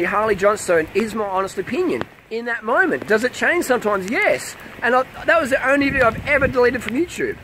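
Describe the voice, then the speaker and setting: High-voiced man ranting outdoors. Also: fairly bright tone, a little hiss or hum, poor audio. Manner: profane, heated, repeating questions. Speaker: vlogger. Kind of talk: defensive ranting vlog.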